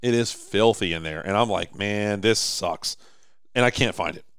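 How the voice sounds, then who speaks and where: A man's voice: fairly low pitch, fast, fairly bright tone, smooth, no room sound, studio quality. A man co-hosting a podcast, rambling through a long story in casual chat, with many restarts. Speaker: podcast co-host. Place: indoor office or shop.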